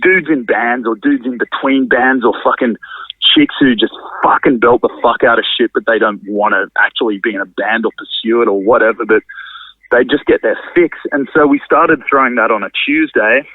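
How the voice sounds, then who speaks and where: A man's voice: medium pitch, moderate pace, dry recording. A man, a drummer and venue owner, chatting casually as a podcast guest, rambling and swearing freely. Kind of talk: casual conversational interview. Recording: narrow phone-like sound, dry.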